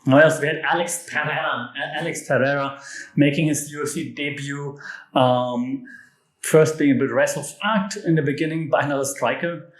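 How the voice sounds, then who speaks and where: A man's voice: a little high, fairly even intonation, moderate pace. A man from Europe hosting a solo podcast, talking casually with enthusiasm, emphatic jokey asides and restarts. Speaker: podcast host. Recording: echoey room.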